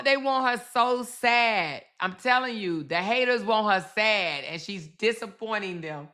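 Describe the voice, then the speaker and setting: A woman host talks over live stream clips and turns to her viewers as she goes. Her voice is bright and her delivery animated. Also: on the high side, a little slow, hardly any pauses.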